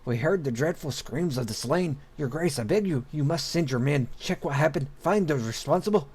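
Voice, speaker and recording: A man's voice: on the high side, animated, moderate pace, a little mellow, breathy edge. A man voicing a frightened male villager who urgently reports an attack. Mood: panicked. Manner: breathless, alarmed.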